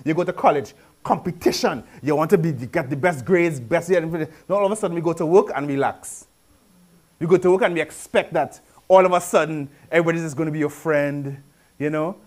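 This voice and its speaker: A man preaching a sermon in a lively, conversational way, with rhetorical questions, repetition and humorous asides in local speech. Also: a little high, brisk.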